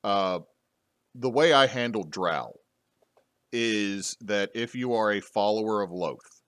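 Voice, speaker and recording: Brief: male host, lowish voice, rambling chatty delivery, dry close mic. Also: slow pace, fairly bright tone, smooth, no echo. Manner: rambling, frequent restarts and fillers. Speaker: podcast host and game master. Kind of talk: casual panel discussion.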